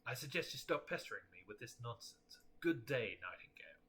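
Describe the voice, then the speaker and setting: A man's voice: medium pitch, very animated, fairly quick, sharp tone, husky, exaggerated voice. A man voicing a cantankerous, suspicious older man with a haughty, prickly manner.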